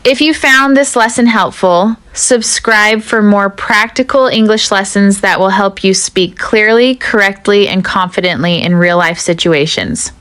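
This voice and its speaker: A woman teaching an English lesson in a measured, deliberate way, speaking straight to the viewer. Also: mid-range voice, fairly bright tone, smooth, dry recording, soft background music. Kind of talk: scripted teaching narration.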